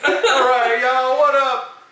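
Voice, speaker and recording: Man, joking co-host, bright high voice, distant echoey room. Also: little pitch movement, slow pace. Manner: joking, trying mock accents, laughing. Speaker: podcast co-host. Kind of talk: casual chat. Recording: echoey room, far from mic.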